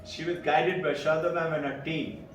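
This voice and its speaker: An older man from India speaks with an Indian English accent and a high-set voice, telling stories to an audience. He acts out the voices of other people and chuckles between lines. He sounds distant in a reverberant hall, with faint music underneath. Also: fairly even intonation, normal speed. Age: 70s. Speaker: spiritual speaker. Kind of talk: storytelling talk to a live audience.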